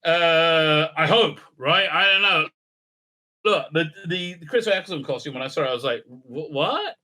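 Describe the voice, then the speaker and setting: Male commentator, sarcastic and rambling, very bright voice, slightly high pitch. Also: moderate pace. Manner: rambling, sarcastic, many fillers and restarts. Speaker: video commentator. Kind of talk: casual solo commentary.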